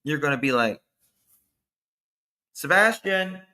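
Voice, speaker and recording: A man hosting a livestream, chatting casually, thanking viewers by name and commenting with animated asides. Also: on the low side, measured pace. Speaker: livestream host. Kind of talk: casual true-crime commentary chat.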